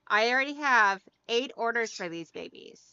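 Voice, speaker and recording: A woman's voice: a little high, lively intonation, normal speed, pushed and bright, clean tone, dry recording, highs cut off. A woman hosting a casual live stream, reading out viewer comments and answering in a friendly, chatty way. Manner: friendly, calls viewers girl.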